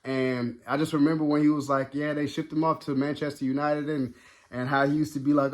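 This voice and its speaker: A man's voice: a little high, fairly quick. Rambling man reviewing a show. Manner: rambling, animated, many fillers and restarts. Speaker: video reviewer. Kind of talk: casual spoken review.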